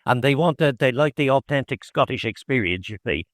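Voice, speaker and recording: A man's voice: mid-range voice, animated, a little fast, no room sound. Irish man telling rambling fishing stories. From Ireland (Howth). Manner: meandering anecdotal storytelling with frequent restarts. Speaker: guest, fisherman turned distiller. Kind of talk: casual conversation.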